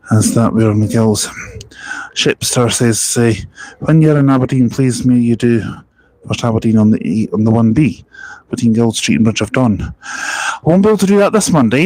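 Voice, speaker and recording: A man's voice: medium pitch, a little mellow, no room sound, poor audio. Chatty Scottish man streaming outdoors. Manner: rambling, chatty, self-deprecating asides. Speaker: live streamer reading viewer chat. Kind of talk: casual live-stream chat. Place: outdoors at a bus park-and-ride, walking. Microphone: small wireless mic on phone stream.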